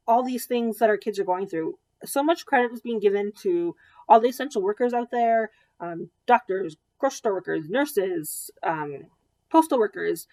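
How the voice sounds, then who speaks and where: A woman's voice: fairly high pitch, darkish tone. A woman in her thirties, a child development therapist, giving an educational presentation to parents in a conversational way with frequent ums.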